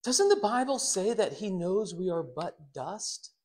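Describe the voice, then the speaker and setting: A man's voice: sits high, unhurried. A man preaching a sermon, talking straight to his congregation and acting out the quotes he tells. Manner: animated, dramatizes quotes with put-on voices; talks directly to congregation members. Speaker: pastor.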